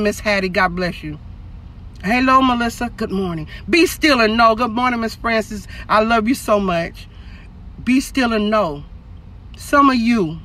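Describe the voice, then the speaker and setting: A woman's voice: a little high, sharp tone. A middle-aged woman delivers an emphatic encouraging sermon on a phone livestream from a parked car. She preaches straight to her viewers and keeps calling for their response.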